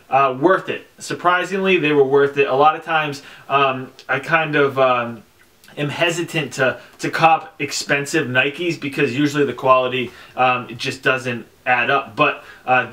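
A young man talking casually on camera about his sneaker collection, chatty and relaxed, with lots of fillers and slang. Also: medium pitch. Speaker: sneaker vlogger. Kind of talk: casual product review.

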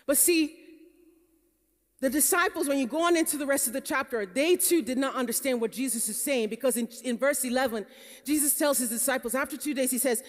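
Woman pastor, Nigerian American, high voice, storytelling sermon, big reverberant hall. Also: fast talker. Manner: storytelling, rising to emphatic preaching. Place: conference hall.

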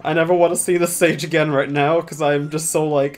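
A young man narrating his own gameplay in a loose, chatty stream, sarcastic and quick to swear. He slips into mock-dramatic asides, and faint music plays behind him. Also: a little high, little pitch movement. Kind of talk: casual gameplay commentary.

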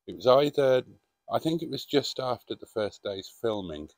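A man's voice: medium pitch, expressive, moderate pace, no echo. A middle-aged man reminiscing in a casual vlog monologue, rambling and hesitant with frequent ums. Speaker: vlogger.

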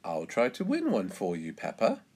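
A man's voice: fairly low pitch, huge pitch swings, moderate pace, darkish tone, husky, full character voice. A man doing a determined mother pig. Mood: confident.

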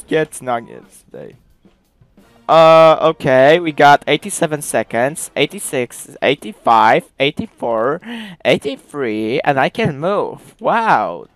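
Excitable man streaming a shooter game. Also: mid-range voice, slow, no echo, soft background music. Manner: excitable, exclaiming and reacting loudly; broken non-native English grammar. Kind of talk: live gameplay commentary.

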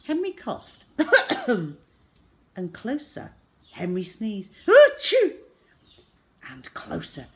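Slow, expressive woman storyteller. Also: fairly low pitch. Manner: expressive, dramatic. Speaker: children's storyteller. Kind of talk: reading a storybook aloud.

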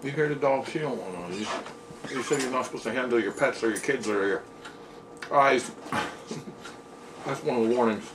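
A man's voice: medium pitch, moderate pace, pauses often. A plain-spoken man with a Pennsylvania accent, chatting casually while he taste-tests hot wings at home. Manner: easygoing, plain-spoken, chatty between bites. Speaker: food reviewer. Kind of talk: casual taste-test vlog. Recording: distant mic with noticeable noise.

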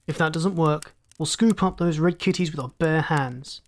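A lean, grim male first mate gives crisp, urgent commands in this story reading, as a storyteller puts him on. The voice stays at a middle pitch, clipped and businesslike. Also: moderate pace, close to an everyday voice. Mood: commanding.

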